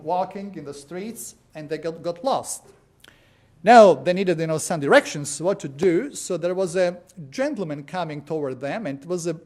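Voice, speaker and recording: High-voiced man telling sermon stories. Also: darkish tone. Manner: storytelling, frequent "uh" and "you know". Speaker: preacher. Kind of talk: sermon with anecdotes.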